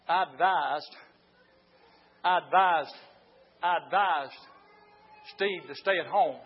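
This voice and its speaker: An older man preaching a fiery sermon as pastor, moving from quiet storytelling into shouted preaching. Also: fairly high pitch, slow, long pauses, breathy edge, dull audio.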